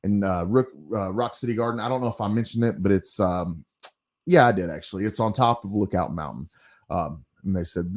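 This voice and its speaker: A man's voice: fairly low pitch, brisk, darkish tone. Rambling man talking through an old comic. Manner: rambling, frequent ums and asides. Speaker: comic book reviewer. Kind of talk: casual commentary while reading a comic.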